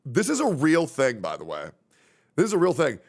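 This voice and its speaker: Animated, foul-mouthed young male streamer. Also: on the high side, moderate pace, slightly rough. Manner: rambling, profane, reacting to chat. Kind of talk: casual livestream chat.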